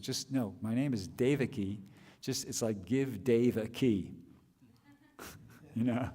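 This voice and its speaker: A man's voice: fairly low pitch, mellow, in a large hall. A man giving a scripture class, thinking aloud with restarts and rhetorical questions.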